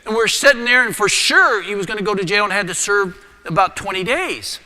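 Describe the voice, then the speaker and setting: Middle-aged pastor guy preaching, bright edgy voice, lots of hall echo. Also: high voice, brisk. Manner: animated storyteller, drops to a hushed voice for prayer. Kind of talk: sermon storytelling. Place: church sanctuary. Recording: long church reverb.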